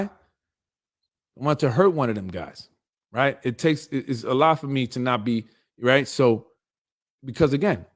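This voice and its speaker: A middle-aged man hosting a political show, delivering a blunt, confrontational, streetwise monologue. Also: mid-range voice. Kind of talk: heated monologue.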